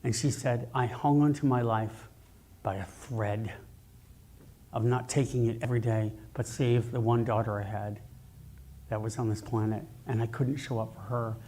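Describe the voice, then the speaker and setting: Animated man preaching a sermon. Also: medium pitch, moderate pace. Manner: animated, jokey storytelling preacher. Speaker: minister. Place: church sanctuary, amplified on a mic.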